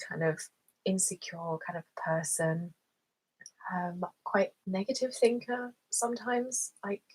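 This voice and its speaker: Breathy, whispery young woman chatting. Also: on the low side, rough recording. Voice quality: soft, breathy, often whispered. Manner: chatty, lots of "like" fillers, laughs often. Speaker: ASMR host. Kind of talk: casual whispered live-stream chat.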